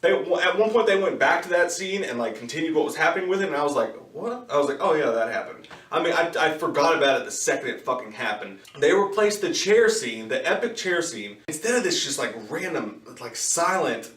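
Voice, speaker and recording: A man giving a casual, profane movie review, ranting in an animated way and slipping into quick impressions. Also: a little high, distant mic. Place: in his car. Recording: echoey room, voice somewhat off-mic.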